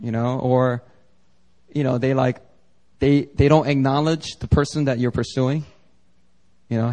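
A man's voice: medium pitch, steady tone, a little slow, pauses often, dark tone. A man preaching a sermon as pastor, conversational and joking, acting out little dialogues. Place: church service.

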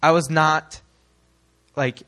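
Bright-voiced young man preaching. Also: fairly high pitch, slow pace. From United States. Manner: animated, rhetorical questions to the congregation. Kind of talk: sermon.

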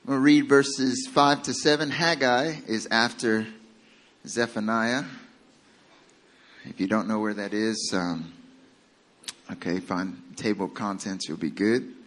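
A pastor with a Southern American accent preaches a sermon, speaking casually and self-deprecatingly and tossing a joking aside to his congregation. His mid-range voice has a fairly bright tone, and he's unhurried, pausing often.

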